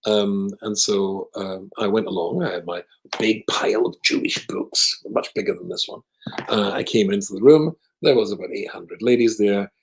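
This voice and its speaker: A rabbi telling a humorous story with wry, self-deprecating jokes. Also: male voice, fairly low pitch, normal speed, creaky, poor audio. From Scotland. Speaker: rabbi, guest speaker.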